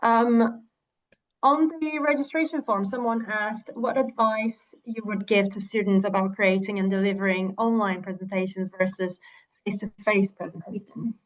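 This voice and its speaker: A woman's voice: mid-range voice, steady tone, normal speed, rough recording. A woman moderating a webinar, reading audience questions aloud to the guest. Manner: reads questions out with soft fillers.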